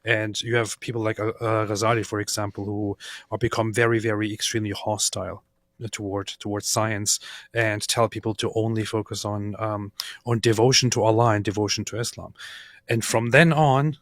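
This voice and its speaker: Brief: low-pitched male co-host, dry sound, halting delivery. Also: little pitch movement, fairly bright tone, no echo. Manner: halting, with many fillers. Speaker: livestream co-host. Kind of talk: casual livestream chat.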